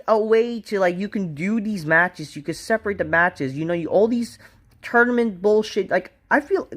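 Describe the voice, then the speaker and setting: A man's voice: high-pitched, a bit bright. A man ranting casually about a wrestling show, frustrated, swearing and rambling.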